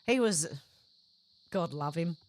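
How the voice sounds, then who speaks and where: A woman's voice: on the low side, animated, slow, darkish tone. Woman host reading viewer comments aloud. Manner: conversational, reacts briefly between comments. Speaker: livestream host.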